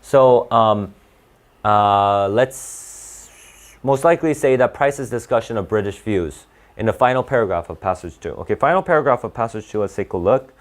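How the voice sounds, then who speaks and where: A man's voice: lowish voice, normal speed. A man working through reading test questions aloud as a tutor, in a casual, self-correcting way that keeps checking with "right?". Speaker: SAT tutor. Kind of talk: thinking-aloud test walkthrough.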